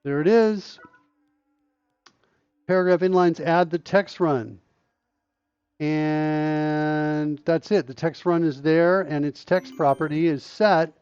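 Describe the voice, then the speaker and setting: A man's voice: a little high, steady tone, takes it slowly, pauses often, darkish tone, clean tone, no echo. A middle-aged man hosting a live-coding stream, thinking aloud and questioning himself as he steps through code. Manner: muttering, self-questioning walkthrough of code. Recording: dull, slightly lo-fi dry mic sound.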